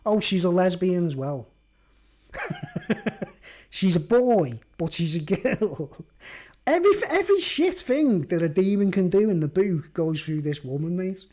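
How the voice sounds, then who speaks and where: A man's voice: on the high side, mellow. A man rambling through a casual rant, laughing often and tagging his sentences with "right?" and "mate". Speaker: video blogger. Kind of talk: casual ranting monologue.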